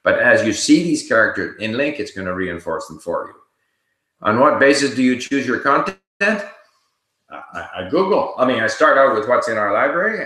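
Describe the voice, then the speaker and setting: A man hosting a casual live Q&A, reading viewer questions aloud and answering them in a relaxed, explanatory way while he thinks aloud. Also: lowish voice, reverberant, poor audio.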